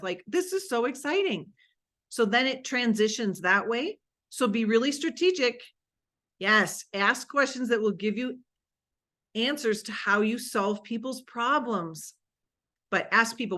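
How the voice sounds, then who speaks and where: Woman coach on a video-call mic, upbeat and animated, switches into little acted-out dialogues. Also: on the high side, moderate pace. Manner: energetic, acts out sample dialogue. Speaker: business coach. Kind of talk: live online coaching call.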